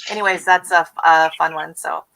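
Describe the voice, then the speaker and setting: A middle-aged woman from the United States hosting a casual livestream chat, talking warmly and laughing often as she mimics accents. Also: deep voice, steady tone, normal speed, creaky, a little hiss or hum, low-quality recording. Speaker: host.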